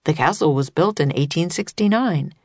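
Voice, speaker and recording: A woman's voice: deep voice, animated, moderate pace, darkish tone, no echo. A woman reading the lines of a tall, thin, courteous male weather official in a storybook, explaining things patiently.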